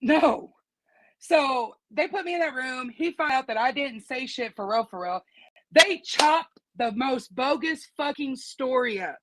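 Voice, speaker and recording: A woman's voice: high voice, expressive, a little slow, noisy background. A woman with a teenage daughter, telling what happened to her in casual, profane, indignant storytelling. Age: adult with teenage daughter. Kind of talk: casual conversation.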